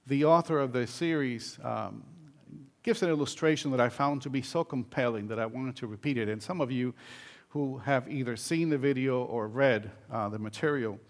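A man's voice: mid-range voice, normal speed. An older man, a pastor, giving a sermon in a conversational storytelling way, with many fillers and restarts.

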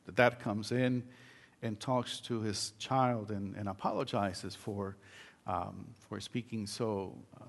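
A man's voice: medium pitch, creaky. Older man preaching conversationally. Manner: conversational storytelling with many fillers. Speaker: pastor. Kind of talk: sermon.

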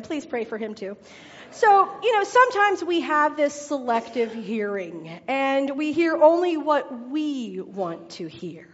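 High-voiced woman preaching in an echoing hall. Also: a little hiss or hum. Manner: chatty storytelling, laughs at her own jokes. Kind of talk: sermon with a told joke. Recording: reverberant hall, dull sound.

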